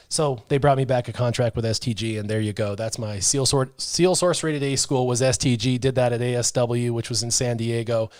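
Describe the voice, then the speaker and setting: A man's voice: medium pitch, brisk, hardly any pauses. A middle-aged man hosting a casual chat, telling a long story and voicing the people in it. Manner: animated, acts out the dialogue of people in his stories. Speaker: gaming channel host.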